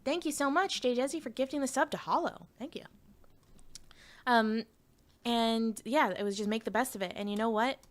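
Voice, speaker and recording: A woman's voice: fairly high pitch, moderate pace, a little hiss or hum. Woman, from Canada, VTuber streamer, casual livestream chat, frank, swears. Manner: chatty, frank, swears freely; reads chat aloud and answers it.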